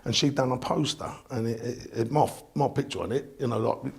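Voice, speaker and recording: Older guy, deep and gravelly, relaxed chatty storytelling. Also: a little fast. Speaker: darts referee and voiceover artist. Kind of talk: casual chat.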